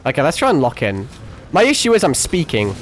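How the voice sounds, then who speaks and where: A man's voice: fairly high pitch, wildly swooping pitch, a little fast, slight background noise. A young man streaming a game, chatting casually, swearing freely and mocking himself, his voice a bit strained from hours of talking. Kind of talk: casual live-stream gaming chat.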